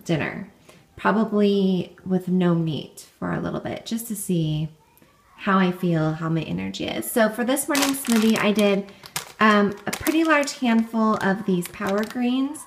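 A young woman talks through her day for a family vlog. She is chatty and upbeat, her pitch sits in an ordinary middle range, and she leans on casual fillers as she goes. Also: measured pace, background noise. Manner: chatty and upbeat, often saying "like" and "um". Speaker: family vlogger.

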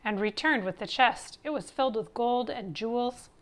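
A woman narrating a children's picture book, reading aloud in an expressive, steady way. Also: on the high side, moderate pace. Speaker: storyteller.

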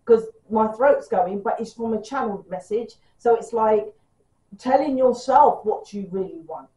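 Chatty British woman reading tarot: fast, blunt, a little hoarse from a sore throat, recorded in an echoey room at a distance. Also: on the high side, dark tone. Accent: British English. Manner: fast, chatty, swears freely. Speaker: tarot reader.

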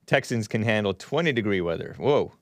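A man hosting a casual livestream, reacting aloud to clips and talking straight to his viewers with quick exclamations and laughs. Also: fairly low pitch, lively intonation, dry recording, clean studio sound. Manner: chatty, addresses viewers directly. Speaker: livestream host.

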